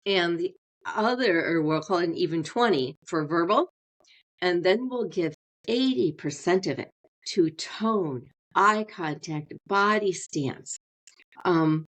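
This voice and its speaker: Brief: woman therapist, middle-aged, lowish voice, measured teaching manner. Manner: slows down deliberately, demonstrates tone changes. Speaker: marriage and family therapist guest. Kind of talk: explanatory interview talk.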